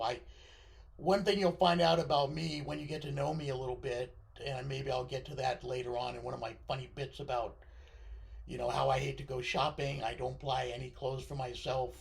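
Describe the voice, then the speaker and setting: Scratchy, gravelly middle-aged man rambling. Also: mid-range voice, fairly quick, fairly bright tone. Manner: digressive, stammering, self-interrupting. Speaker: vlogger. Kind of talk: rambling casual monologue.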